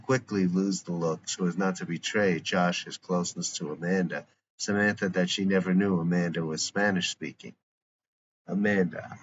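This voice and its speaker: A man's voice: low-pitched, fairly even intonation, normal speed. A man narrating a script aloud, reading stage directions and scene headings plainly. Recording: muffled lo-fi with faint hiss.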